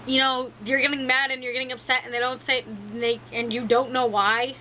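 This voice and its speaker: Bright, high-voiced young woman. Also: little pitch movement, brisk, a little hiss or hum, poor audio. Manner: rambling, frank, laughs at herself. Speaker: vlogger. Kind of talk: casual talk to camera.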